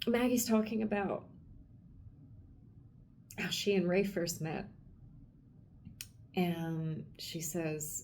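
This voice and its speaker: A woman's voice: lowish voice, drawn-out words, pauses often, darkish tone, slight background noise. A woman hosting a podcast in a casual book discussion. She gushes with emotion, laughs often, and trails off into restarts. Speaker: podcast host.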